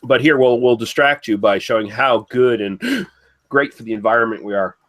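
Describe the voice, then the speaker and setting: A man's voice: mid-range voice, expressive, moderate pace, a bit bright. A man co-hosting a casual podcast chat, sarcastic and crude in a loose, joking way. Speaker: podcast co-host.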